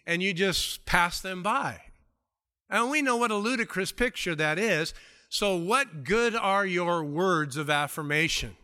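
A bright, slightly high male voice preaching an expository sermon. He talks conversationally, acting out everyday scenes, and swings between hushed murmured asides and raised, emphatic peaks. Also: moderate pace. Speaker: pastor.

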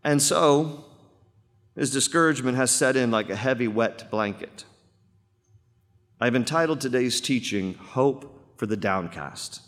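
A man's voice: medium pitch, a little slow, long pauses, fairly bright tone. A man, a pastor, preaching a sermon to a church congregation, emphatic and repeating phrases for weight. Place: church sanctuary. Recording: long reverb of a church hall.

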